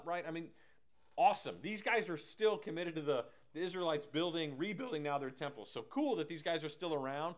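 A man's voice: on the high side, fairly quick. A man teaching a casual Bible class with lots of energy, jokes and tangents. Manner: energetic, joking, digressive.

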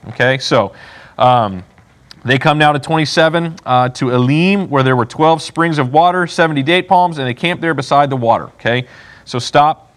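A man's voice: on the high side, normal speed, a bit bright. A man leading a Bible study, talking casually and often checking in with "okay?" as he acts out what people would say. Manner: conversational, acts out people's lines. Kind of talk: casual teaching.

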